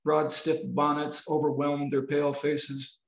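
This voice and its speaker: A novelist reading his novel aloud in a measured, expressive way over a video call. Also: fairly high pitch, vocal fry. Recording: roomy video-call audio.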